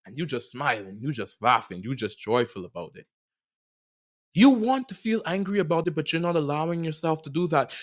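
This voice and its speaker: Animated young man hosting a podcast. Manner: animated, playful riffs with big swings in pitch and loudness. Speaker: podcast host. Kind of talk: reflective solo podcast monologue.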